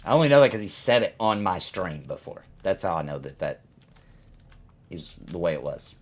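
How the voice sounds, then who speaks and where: A man's voice: sits low, sing-song, moderate pace. Rambling man streaming a game. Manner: rambling, ranting, reacting to chat. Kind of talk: casual live-stream chat.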